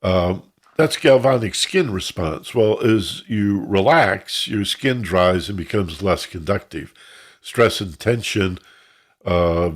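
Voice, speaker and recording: Slow and expressive, this deep male voice belongs to an online instructor speaking over a video call. He wanders through his explanations in a casual way, using sound imitations to illustrate what he means.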